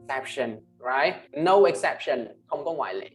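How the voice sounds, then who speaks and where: A male English teacher with a Vietnamese accent leads an online class. He models each word slowly and tags most phrases with "right?" or "huh?". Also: mid-range voice, lively intonation, faint music behind. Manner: ends phrases with tag questions "right?" and "huh?"; slow, emphatic model pronunciations. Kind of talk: online class, pronunciation drilling.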